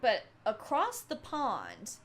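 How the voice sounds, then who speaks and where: Lively-voiced woman streamer telling a story. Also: fairly high pitch, slow pace. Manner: swears freely and laughs often. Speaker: livestreamer. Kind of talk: casual storytelling to chat.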